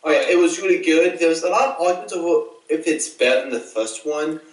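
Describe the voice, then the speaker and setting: Excitable man, echoey and far from the mic. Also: a little high, fast. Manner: excitable, stumbling restarts. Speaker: podcast host. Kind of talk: casual movie chat. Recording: roomy echo, mic far off.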